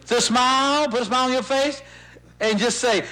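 A man preaching as pastor, leading his congregation in repeating lines, animated and insistent. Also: moderate pace. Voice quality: animated, swooping pitch when stirred. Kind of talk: sermon with call-and-response.

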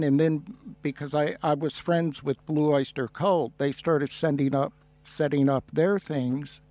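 A man hosts a radio interview, talking slowly and with many restarts as he reminisces. His voice is mellow and sits a little high. It sounds dry and close to the mic. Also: no echo. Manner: slow, rambling, reminiscing with restarts. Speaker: radio host.

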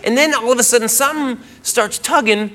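A man doing a stand-up routine, telling a rambling self-mocking story and acting out the loud bits. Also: very high-pitched, brisk. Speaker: stand-up comedian. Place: comedy club stage. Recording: live club with audience laughter and noise. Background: audience laughing.

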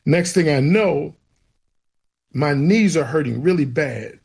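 A man's gravelly, husky, slightly high voice carries his faith testimony at a moderate pace during an interview where he is the guest. He tells it animatedly, voicing the characters he quotes.

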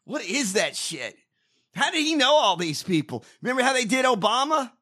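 A man ranting loudly on a podcast, swearing heavily as he goes. His high, bright voice jumps animatedly up and down, and he often shouts. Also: very animated, moderate pace. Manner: loud, ranting, heavy swearing. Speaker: podcast host. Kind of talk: profane political rant.

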